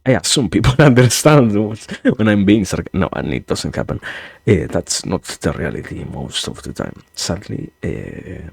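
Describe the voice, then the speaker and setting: Deep gravelly man musing aloud. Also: animated, no echo. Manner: halting, many restarts and self-corrections; musing, wry. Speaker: streamer. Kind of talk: rambling philosophical monologue. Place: home streaming setup.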